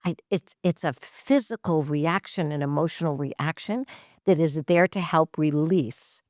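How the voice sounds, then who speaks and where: A woman therapist from Massachusetts, a guest in a casual podcast interview. Her voice sits fairly low, and she is animated, laughing often as she tells stories. The recording is dry and close. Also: a little slow, no echo.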